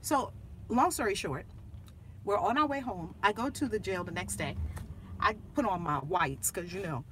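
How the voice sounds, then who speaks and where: A woman hosting her channel as a minister, telling a family story in casual chat, animated and laughing, acting out the voices of the people in it. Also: mid-range voice, normal speed, a little hiss or hum.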